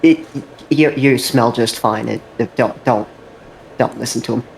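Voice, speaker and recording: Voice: medium pitch, unhurried, vocal fry, a little hiss or hum, low-quality recording. Player rambling at the table, lots of uh and restarts, mid voice. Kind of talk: casual tabletop chat.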